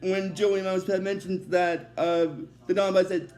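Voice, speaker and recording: Young guy with a high voice going over a cartoon episode, says basically a lot. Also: flat delivery, normal speed, hardly any pauses, a little mellow. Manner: rambling, many fillers like "basically" and "uh". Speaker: episode recap host. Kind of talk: casual episode recap.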